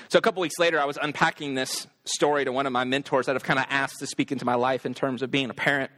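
A man in his thirties tells a personal parenting story in a relaxed, candid way. His voice sits at an ordinary middle pitch. He grows more animated when he acts out his own reactions. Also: fast, hardly any pauses. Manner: casual, candid, animated when quoting himself. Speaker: father telling a story.

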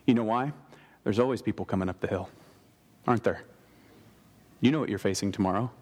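A man preaching a sermon as a pastor, animated, slipping into casual modern voices for biblical characters. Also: lowish voice, a little fast, long reverb tail.

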